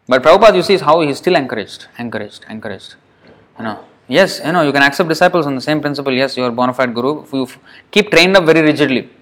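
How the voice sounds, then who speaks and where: A man's voice: medium pitch, a bit bright, poor audio. A man giving a spiritual lecture to devotees, earnest and explanatory, often repeating phrases for emphasis. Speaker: religious teacher.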